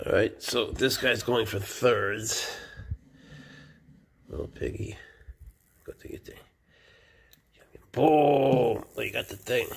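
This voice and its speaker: A man's voice: mid-range voice, creaky, echoey room. A man keeping exotic animals who talks casually and affectionately, often cooing to them. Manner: chatty and affectionate, coos to his animals. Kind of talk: casual vlog talk.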